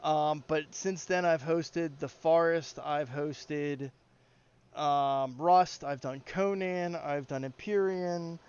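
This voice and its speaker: A man hosts a casual voice chat on running game servers, talking in an easygoing, joking way with lots of fillers. His voice sits a bit high and comes through smooth and clear. The headset audio is dull and lo-fi. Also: steady tone, slow pace, darkish tone. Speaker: game server community founder and host.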